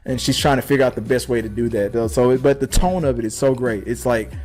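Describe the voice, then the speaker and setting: A young man chatting casually as a podcast panelist, excited and rambling, with many restarts, talking into a webcam mic. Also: mid-range voice, fast talker, faint music behind. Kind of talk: casual chat.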